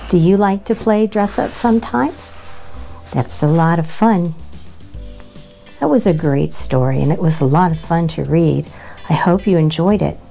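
A woman's voice: on the low side, unhurried, gravelly, dark tone, soft background music. A woman reading a children's book aloud in a friendly storytime manner and talking to young listeners.

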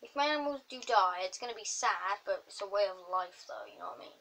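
A woman chatting through her game and talking to the animals in it, with sudden excited outbursts. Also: medium pitch, fast talker, slight background noise. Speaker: gamer. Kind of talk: casual gameplay commentary.

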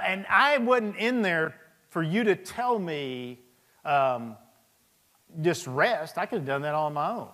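A high, bright, forceful male voice belongs to the Sergeant Major of the Army, a senior army leader in his fifties. He recounts personal anecdotes in a speech before an audience, storytelling with chuckling asides. The large hall gives the recording a long reverb.

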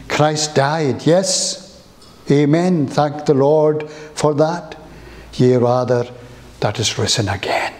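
A man preaching a sermon in a church, slow and emphatic, with rising exclamations. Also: mid-range voice, a little mellow.

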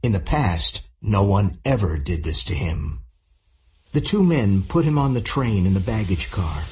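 Slow, deliberate male audiobook narrator. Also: fairly low pitch, sing-song, darkish tone, a little hiss or hum. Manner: slow, clear, deliberate reading. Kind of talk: scripted audiobook narration for English learners.

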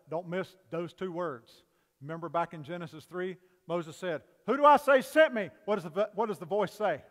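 A male pastor preaching a sermon to his congregation, swinging between loud emphatic lines and quiet, hushed passages. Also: sits high. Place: church sanctuary. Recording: long reverb of a church sanctuary.

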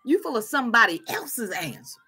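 A woman's voice: a little high, animated, a little fast, bright, forceful tone, breathy edge. A woman preaching a fervent sermon, repeating her phrases for emphasis.

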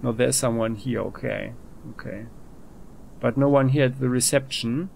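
Relaxed male let's-play host, gravelly voice, mid pitch. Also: normal speed, a little hiss or hum. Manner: relaxed, thinking aloud with restarts. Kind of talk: casual gameplay commentary.

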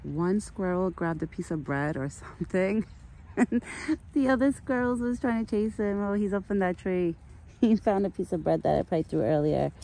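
A woman's voice: medium pitch, moderate pace, warm tone, rough recording. A woman vlogging outdoors in a foggy forest, chatting casually and talking to a deer in affectionate pet talk. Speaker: vlogger feeding a wild deer. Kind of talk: casual outdoor chat to camera and to an animal.

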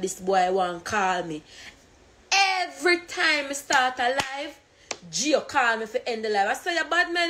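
A woman with a Jamaican accent telling an animated storytime rant, heavy on swearing and patois. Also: fairly high pitch.

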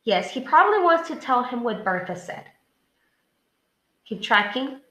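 A woman teacher reads a story aloud to her class, stopping often for questions and prompts. Her voice is bright and fairly high, and she speaks clearly and deliberately. The recording carries a roomy echo. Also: sing-song.

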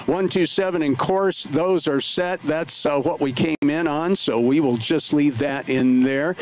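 A man's voice: on the high side, unhurried, a little mellow, slight background noise, poor audio. A man livestreaming from his home flight sim setup, talking casually through each step with lots of filler words. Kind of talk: casual live play-by-play narration.

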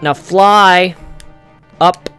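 A young man giving let's-play commentary on a console game. He sounds exasperated and breaks into loud, frustrated outbursts. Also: high-pitched, steady tone, very slow, clear, resonant tone, soft background music. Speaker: gamer.

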